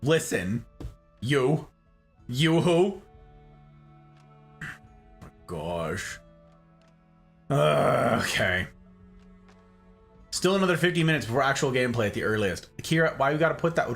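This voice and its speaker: A man's voice: on the high side, normal speed, gravelly, long pauses. Guy streaming a game and joking with chat, laughs a ton, bouncy up and down voice, bit of music behind. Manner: animated, laughs often, banters with chat. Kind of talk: casual live-stream chat.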